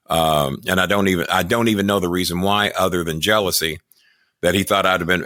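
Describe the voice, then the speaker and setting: The older American guest, once a wrestling manager, has a lowish voice with a sharp tone. He chats casually on the podcast, spinning long profane and boastful stories, and the recording is dry and clean.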